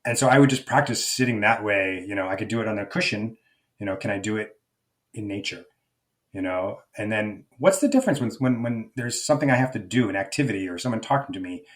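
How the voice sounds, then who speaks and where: A man's voice: fairly low pitch, expressive, fast talker. A middle-aged man speaking as a life coach guest in an interview, thoughtful and searching, often restarting his sentences. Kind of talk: reflective conversational interview.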